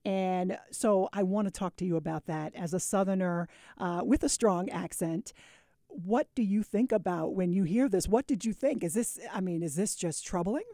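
A woman's voice: medium pitch, moderate pace, warm tone, no echo, clean studio sound. A woman hosting a public radio show, asking curious questions and offering brief affirmations.

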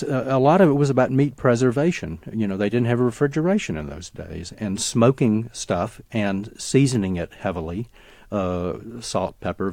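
Interview guest: man, low voice, dry studio sound, storytelling with restarts. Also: a little mellow, dry recording. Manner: fluent storyteller with frequent restarts and fillers. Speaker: author and guest. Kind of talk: radio interview, explaining history.

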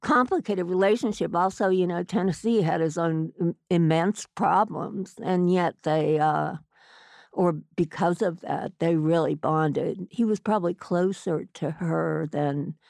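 Gravelly low-voiced woman author. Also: measured pace, a little mellow, no echo. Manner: thoughtful, hesitant, many fillers. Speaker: author being interviewed. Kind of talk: conversational interview answers.

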